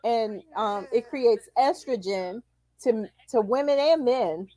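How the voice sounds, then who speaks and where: A woman's voice: on the high side, takes it slowly, warm tone, no echo, rough recording. A woman hosting a casual talk show, outspoken and opinionated, with a joking edge. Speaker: show host.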